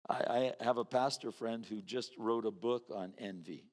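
A man's voice: mid-range voice, moderate pace, a little mellow. A man preaching a sermon in a conversational way, acting out the voices of the people he quotes. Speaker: pastor. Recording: reverberant hall.

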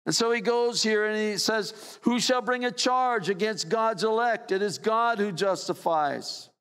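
An older man preaching a sermon as pastor, his voice swinging from raised emphasis down to low, quiet lines. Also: a little slow, clean tone, long reverb tail. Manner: preaching with sweeping rises and drops in pitch.

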